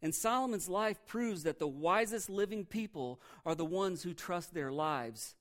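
A man's voice: high-pitched, animated, unhurried, fairly bright tone. Conversational man preaching a sermon. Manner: conversational preaching, asks the congregation questions, laughs at himself. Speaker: pastor.

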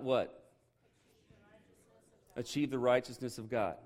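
A man teaching a Bible lesson as a relaxed, joking sermon. He talks to listeners like a friend, drops in quick asides and checks in with "okay" and "right". He slows down on the words he wants to stress, with a mid-range voice. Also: mid-range voice.

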